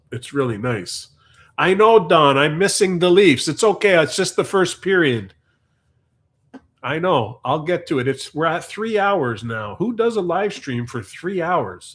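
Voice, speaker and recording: Rambling man chatting on a livestream. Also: mid-range voice. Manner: rambling, storytelling. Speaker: livestream host. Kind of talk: casual live stream chat.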